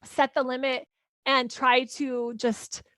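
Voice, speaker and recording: A woman coaching parents in a live workshop, talking in a loose, chatty way. Her voice sits fairly high. The sound is dry and close, with no room echo. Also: flat delivery, slow, fairly bright tone. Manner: casual, chatty, lots of "like" and "right?".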